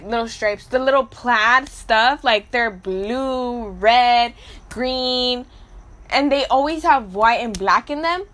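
High, bright young woman ranting crudely. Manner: blunt, crude, slangy and profane, talks straight to her listeners. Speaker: podcast host. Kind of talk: casual storytelling podcast.

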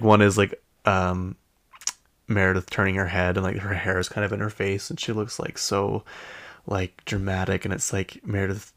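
A young man with a deep, fairly bright voice hosts a casual podcast recapping reality TV. He's chatty and gossipy, talks loosely, and uses plenty of fillers, with no room sound on the recording.

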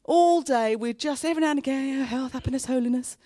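A woman, preaching a sermon in an earnest, heartfelt way and pausing between phrases. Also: high-pitched, warm tone, no room sound, studio quality. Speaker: pastor. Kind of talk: sermon with personal story.

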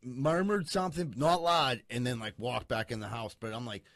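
A man telling a profane, animated story in casual chat among friends. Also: mid-range voice, normal speed, no room sound, studio quality.

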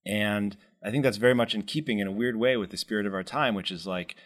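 A man in a casual chat, talking in a measured, thoughtful way and gently pushing back. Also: fairly low pitch. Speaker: co-host.

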